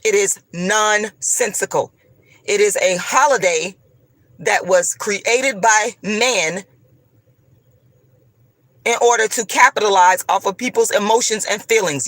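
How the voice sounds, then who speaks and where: A woman's voice: medium pitch, moderate pace, fairly bright tone, no echo. A woman vlogger delivering a profane, combative, preachy rant straight to her viewers. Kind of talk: ranting monologue to camera.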